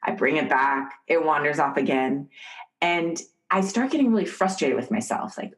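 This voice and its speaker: A middle-aged woman from the United States, an author and professor, explaining ideas calmly as a podcast guest. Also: deep voice, poor audio. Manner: calm, measured teaching. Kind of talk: podcast interview, storytelling.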